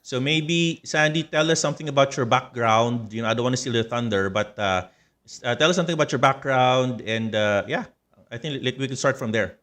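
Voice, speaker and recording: A man hosts a casual live stream in a mid-pitched, ordinary voice. He chats loosely and reads viewer comments aloud. He laughs easily between remarks. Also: a little fast, fairly bright tone. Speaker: channel host.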